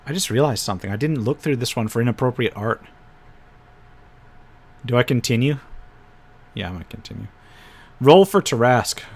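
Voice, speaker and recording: A man's voice: mid-range voice, lively intonation, moderate pace, pauses often. A man hosting a casual live stream, thinking aloud as he pages through tabletop game files and drops wry asides. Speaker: host reviewing tabletop game PDFs.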